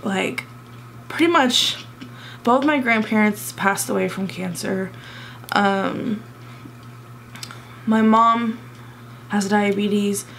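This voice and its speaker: A young woman vlogger telling a personal story in an emotional, halting way, close to tears and full of fillers. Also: mid-range voice, creaky, a bit bright, slight background noise.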